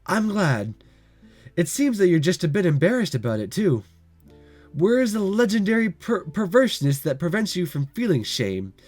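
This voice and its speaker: A man's voice: sits high, very animated, moderate pace, a little mellow, faint music behind. A man with a cold voicing an emotional teenage girl who confronts her childhood friend in a visual novel reading. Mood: teasing. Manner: pleading, rising to accusation. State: has a cold.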